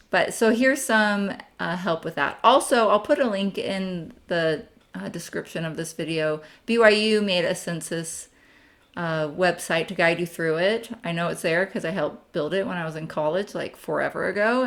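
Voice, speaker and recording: A young adult woman with a slightly low voice walks viewers through a screen-share tutorial. She talks in a chatty, friendly way, dropping in frequent ums as she teaches family history research. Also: fairly bright tone.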